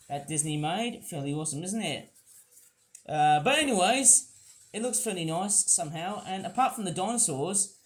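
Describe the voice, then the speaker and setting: A man's voice: high-pitched, a little hiss or hum. A man reviewing toys in a rambling, self-mocking unboxing chat. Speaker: toy reviewer.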